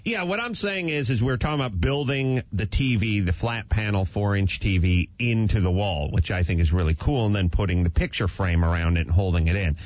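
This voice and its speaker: A man's voice: lowish voice, a little fast, hardly any pauses, no echo. A man hosting a casual radio talk show, riffing on crude jokes between home-improvement advice. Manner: joking, riffs on crude gags. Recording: dull lo-fi radio sound.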